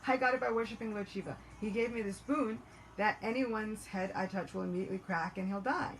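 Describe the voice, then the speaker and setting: A woman voicing a boastful, hot-headed male demon in a devotional story, speaking loud and excited. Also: mid-range voice, brisk, a little hiss or hum, natural voice, low-quality recording. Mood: eager. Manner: excited, indignant, raised voice.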